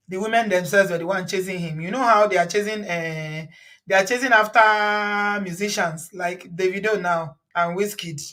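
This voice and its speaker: A woman's voice: medium pitch, a bit bright, distant mic. Chatty Nigerian woman, a bit off-mic. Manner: chatty, laughs often, mixes in Yoruba words. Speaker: host reacting to a video. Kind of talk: casual reaction chat.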